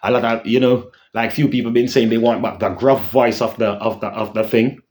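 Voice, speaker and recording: Speaking briskly in a steady, medium-pitched voice with a darkish tone, a man hosts a casual vlog rant. He tends to repeat himself, tags lines with "yeah?" and hums dramatic cues as he rambles.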